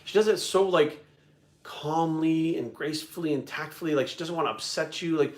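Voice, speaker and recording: A man telling a story in casual chat, animated and full of swearing. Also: on the high side, moderate pace. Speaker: video creator and host. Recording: echoey room.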